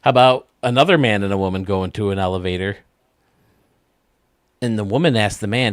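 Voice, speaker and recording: Lower-voiced man telling jokes. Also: fairly quick, long pauses, no room sound, studio quality. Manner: chuckling at his own jokes. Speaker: host. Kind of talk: casual joke-telling chat.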